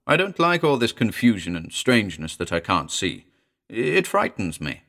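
A man's voice: lowish voice, big pitch swings, moderate pace, creaky, fairly bright tone, exaggerated voice. A man voicing a frail, timid old blind beggar woman who whimpers and pleads. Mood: frightened pleading.

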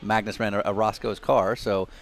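A man co-hosting a podcast, telling anecdotes in an animated way. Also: on the low side, moderate pace, vocal fry. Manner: animated, storytelling with laughs. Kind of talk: casual podcast chat.

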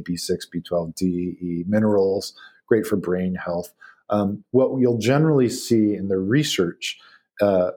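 Low, mellow-voiced man chatting. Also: breathy edge. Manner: animated storyteller with many fillers and restarts. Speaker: guest expert on beef. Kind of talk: casual podcast conversation.

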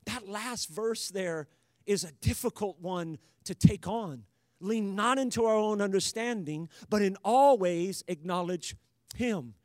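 A man with a high voice preaches a sermon with forceful emphasis. He builds to loud calls to the congregation. The sound is close and dry. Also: a little slow, no echo. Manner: emphatic, rising to loud exhortation.

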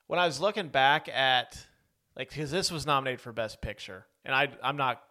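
A man's voice: medium pitch, moderate pace, pushed and bright. A man co-hosting a podcast, chatting casually about a film, talkative and prone to going off on tangents. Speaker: podcast co-host. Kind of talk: casual movie-review chat.

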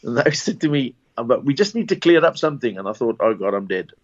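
A man's voice: fairly high pitch, animated, fast. A South African man spins stand-up stories in a loose, rambling way, tripping over his starts and chuckling as he goes. The recording is dull and slightly lo-fi. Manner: rambling anecdotes with false starts and laughs. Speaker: comedian. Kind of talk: casual interview storytelling.

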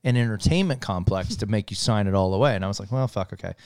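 A middle-aged man, chatting casually and telling an animated story, swearing freely and laughing as he goes. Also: lowish voice, quick pace, clean tone, dry recording, clean studio sound. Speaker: podcast co-host telling a story. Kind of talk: casual chat.

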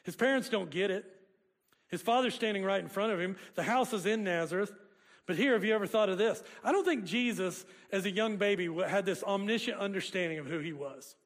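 Brisk and high-voiced, a pastor delivers a sermon as a conversation, joking and chatting with his congregation. The room gives the recording a long hall reverb.

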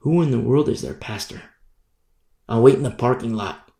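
A man preaching a sermon, emphatic, repeating phrases and letting his voice climb and then drop low. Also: moderate pace, vocal fry, dark tone, reverberant.

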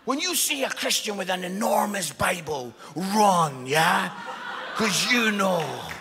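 A man's voice: high voice, animated, slow, vocal fry, bright, forceful tone. A man preaching a sermon, passionate and emphatic, with jokes along the way. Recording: long echoing hall reverb.

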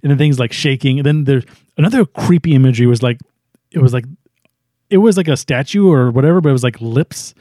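A man's voice: medium pitch, quick pace, mellow, dry recording, clean studio sound. A man chatting casually as a podcast co-host, recapping a movie and acting out its lines in put-on voices.

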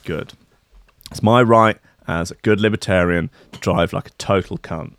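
A man's voice: low voice, moderate pace, smooth. A man giving sarcastic, mocking commentary on news stories. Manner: deadpan, mocking rant.

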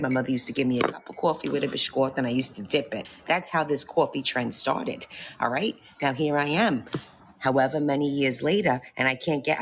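A woman telling a comic anecdote in an animated way. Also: deep voice, a little hiss or hum. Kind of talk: comic storytelling.

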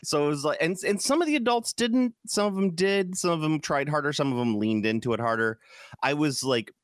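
A man's voice: on the high side, lively intonation, a little fast, no room sound, studio quality. A man from Chicago co-hosting a casual podcast chat, rambling with lots of restarts and fillers. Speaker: podcast co-host.

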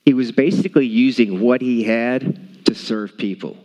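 A man's voice: medium pitch, normal speed, a little mellow. A man preaching a sermon to a congregation, emphatic and repeating his key points. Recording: long hall reverb.

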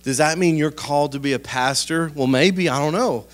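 A man, a pastor preaching a sermon in a conversational, folksy storytelling style with sudden animated outbursts. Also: on the high side, moderate pace.

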